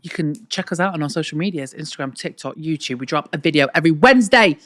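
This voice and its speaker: A woman's voice: low voice, animated, fast talker, a bit bright, dry recording, studio quality. A woman from London co-hosting a podcast in playful casual chat, often slipping into mock accents. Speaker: podcast co-host.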